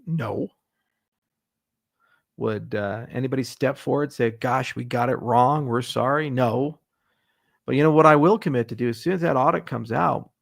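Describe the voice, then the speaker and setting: A man's voice: mid-range voice, gravelly, breathy edge. A middle-aged man hosting a casual livestream Q&A, answering viewer questions in a blunt, sarcastic and profane way. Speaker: host.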